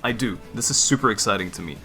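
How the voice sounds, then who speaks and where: Guy from the netherlands doing a chill q&a, laughs a lot, kinda shy, quiet music in the back. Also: on the low side, fast talker. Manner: chatty, laughs easily, self-deprecating. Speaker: YouTuber. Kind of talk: casual Q&A chat.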